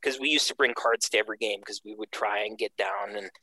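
Telling a casual story, a man from Canada uses a bright, clear, lowish voice and speaks fast, animatedly acting out the people he quotes. The audio is poor but dry and close-miked, with no echo.

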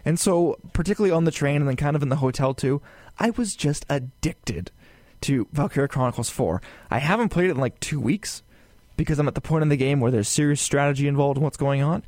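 A man co-hosting a casual gaming podcast, talking in a rambling, animated way with lots of fillers and asides. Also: on the high side, a little fast, no echo. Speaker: podcast co-host.

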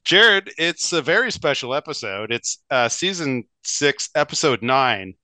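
A man's voice: mid-range voice, big pitch swings, unhurried, bright, forceful tone, no echo. A man, co-hosting a casual hockey podcast in a rambling, chatty way, often laughing. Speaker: podcast co-host.

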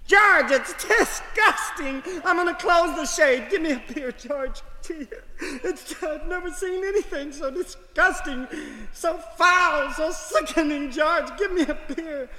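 A man voicing a prim, fussy middle-aged wife who is easily disgusted, shrill and whiny, in a live comic story. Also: a little slow, sharp tone, heavily acted. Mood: appalled. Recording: live hall with long reverb, faint music.

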